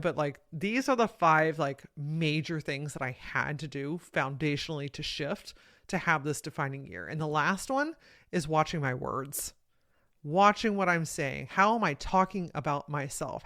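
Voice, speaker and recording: A woman's voice: deep voice, fairly bright tone, no room sound, clean studio sound. A woman hosting a solo podcast, speaking with energy and emphasis in a casual, motivational style and swearing now and then. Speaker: podcast host and coach.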